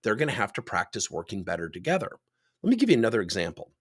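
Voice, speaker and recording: With a fairly low, slightly rough voice, the coach delivers rapid-fire talk to camera about coaching leaders. His workplace stories come alive as he acts out each exchange.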